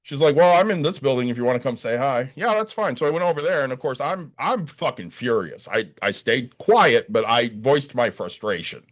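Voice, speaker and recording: He talks a little fast at medium pitch, with hardly any pauses. Co-hosting a podcast while tired from little sleep, he tells a long story in a casual chat, profane and animated, voicing the other people's lines.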